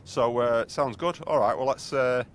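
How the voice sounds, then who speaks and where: A man's voice: medium pitch, moderate pace. A man hosting a podcast in casual chat over a video call, rambling with lots of fillers. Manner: rambling, heavy on fillers like "you know". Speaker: podcast host.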